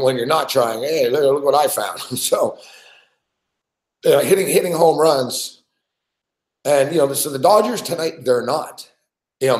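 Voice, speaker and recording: A man rants about a live game, swearing nonstop, with a mid-range voice that sounds worn out and exasperated. His voice carries around a hard, echoey room, and he hosts a casual sports betting show. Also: medium pitch. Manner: swears constantly, frustrated and exasperated, shouting at players. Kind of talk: profane live sports rant.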